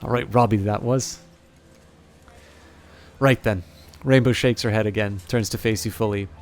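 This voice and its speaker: A man narrating as game master for a tabletop game livestream, talking in a halting, self-correcting way. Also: fairly low pitch, steady tone, soft background music.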